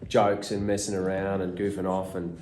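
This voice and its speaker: A man with an Australian accent, an actor telling casual behind-the-scenes anecdotes to fans at a convention meet-and-greet, animated and full of restarts. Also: low-pitched, fairly quick. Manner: animated storyteller, acts out quotes, many restarts. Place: small room at a fan convention. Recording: echoey room.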